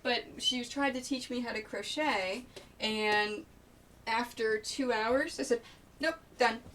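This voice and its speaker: A woman's voice: a little high, unhurried, a bit bright. A woman quilter chatting casually on a live stream as she sews, thinking aloud and greeting viewers by name. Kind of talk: casual live-stream chat while sewing. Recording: distant mic with faint noise.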